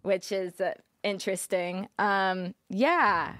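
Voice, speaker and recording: A woman's voice: mid-range voice, takes it slowly, fairly bright tone, dry recording, clean studio sound. A young woman speaking as a podcast guest in a candid, casual interview, full of "like" and frequent laughter. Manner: casual, filler-heavy with frequent "like", laughs often. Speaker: podcast guest, former streamer.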